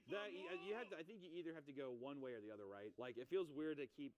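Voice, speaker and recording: A man casually recapping a horror movie, animated and profane, laughing often and acting out characters. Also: fairly high pitch, fast. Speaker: podcast host recapping a movie. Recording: noisy recording.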